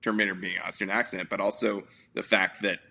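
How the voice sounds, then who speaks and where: A man's voice: deep voice, little pitch movement, brisk, creaky, bright, forceful tone. A man hosting a casual movie review podcast, telling stories in a rambling way with lots of fillers. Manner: rambling, filler-heavy storytelling. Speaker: podcast host.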